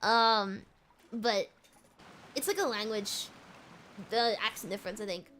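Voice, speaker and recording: A woman's voice: medium pitch, unhurried, fairly bright tone, slight background noise, rough recording. A young British woman with a British accent chatting casually while streaming a game, rambling with many fillers. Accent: British English. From Britain.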